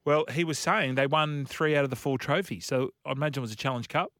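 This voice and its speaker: Man, radio co-host, animated yarn-spinner, laughs a lot, dry close sound. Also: medium pitch, fast talker, dry recording. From Australia. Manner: animated storyteller, laughs often. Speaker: radio co-host, former player. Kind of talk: casual radio banter, storytelling.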